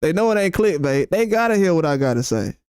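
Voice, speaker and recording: A man's voice: high-pitched, big pitch swings, fast, darkish tone, smooth, dry recording, studio quality. A man hosting a boxing channel, ranting on a live stream in a blunt, profane and repetitive way. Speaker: boxing YouTuber host. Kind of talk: heated live-stream rant.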